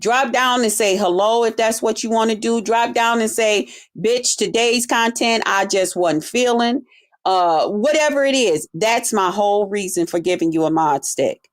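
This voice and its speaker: A woman's voice: medium pitch, normal speed, hardly any pauses. A woman hosting a livestream, ranting bluntly at her chat, swearing constantly and repeating herself in exasperation. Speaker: livestream host. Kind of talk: profane livestream rant.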